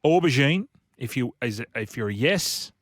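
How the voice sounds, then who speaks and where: Lively radio co-host, joking. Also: male voice, medium pitch, moderate pace, no echo, clean studio sound. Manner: playful, joking banter. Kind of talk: casual radio chat.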